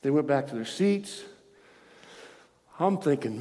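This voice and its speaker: A man's voice: a little high, animated, takes it slowly, warm tone, long reverb tail. A man preaching a sermon as pastor, telling a story animatedly, acting out the dialogue and laughing often. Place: church.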